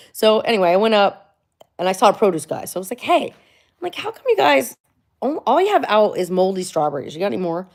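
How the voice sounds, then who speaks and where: A woman's voice: mid-range voice, sing-song, a little fast, darkish tone. A middle-aged woman vlogger from Florida, chatting casually and rambling through a story, full of likes and asides. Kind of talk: casual chat.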